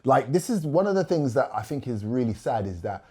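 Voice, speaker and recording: A man's voice: mid-range voice, very animated, fairly quick, warm tone, husky. A middle-aged man, a podcast guest telling a story in a casual interview and often checking in with "do you know what I mean".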